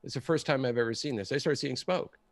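An excitable man recounts a story in casual conversation. He talks at an ordinary middle pitch and slips into the voices of the people he quotes. The sound is dry and close, with no room echo. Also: fast talker. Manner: animated, acts out the people he quotes. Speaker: guest storyteller.

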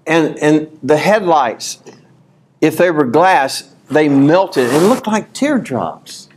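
A man preaching at a conference in a folksy, animated way, his voice sitting fairly high for a man. He reads scripture with rising fervor and breaks into shouts, then drops back into easy storytelling. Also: slow, a little hiss or hum. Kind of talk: sermon. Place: conference hall.

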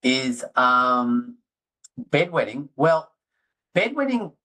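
A middle-aged man, talking excitedly as a guest in a casual interview. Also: mid-range voice, drawn-out words, poor audio. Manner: excitable, animated storyteller, self-deprecating. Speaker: guest orthodontist.

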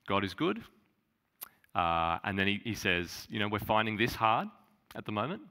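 Male pastor. Bright tone, animated pitch, earnest sermon delivery. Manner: earnest preaching, repeats phrases for emphasis.

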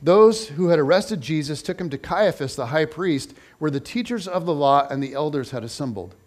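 A man reading a scripture passage aloud in an expressive, measured way. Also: a little high. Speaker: scripture reader.

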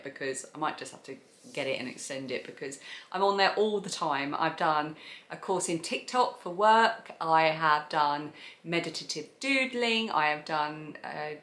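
Rambling South East London woman host, casual chat, slightly low voice. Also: fairly bright tone, echoey room. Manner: chatty, enthusiastic, rambling. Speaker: podcast host.

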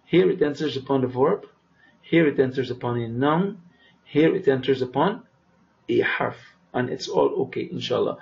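A man teaching vocabulary, who says each word slowly twice, explains it, and often checks with "right?". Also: mid-range voice, creaky, a little mellow. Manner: asks "right?" to check understanding. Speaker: Arabic teacher. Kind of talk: vocabulary lesson. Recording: dull lo-fi recording.

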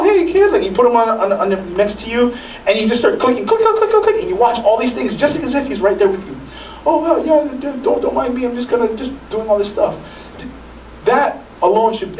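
A man's voice: high voice, darkish tone, echoey room, far from the mic, slight background noise, poor audio. A male pastor giving a sermon in a conversational way, with frequent restarts and acted-out asides. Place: church sanctuary.

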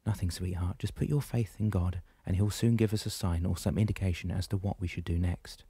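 A man's voice: deep voice, a little fast, creaky, mellow, husky, dry recording, studio quality, exaggerated voice. A man reading a soothing, caring mother.

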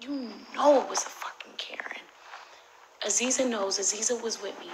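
A young woman telling a story on a phone livestream, animated and profane, swinging between loud outbursts and whispered asides. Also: a little high, moderate pace, low-quality recording. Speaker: social media personality on a livestream.

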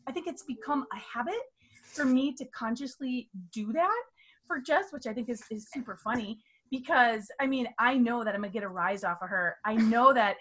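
A middle-aged woman appears as a talk show guest alongside her daughter and chats casually, laughing as she tells stories about her. Her voice is fairly high and a bit bright, at a moderate pace.

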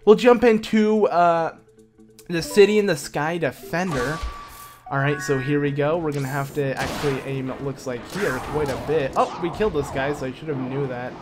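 A man's voice: on the high side, normal speed. A young man giving casual let's play commentary while shooting at a game, often yelping and exclaiming when startled. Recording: game music loud behind voice. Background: game music.

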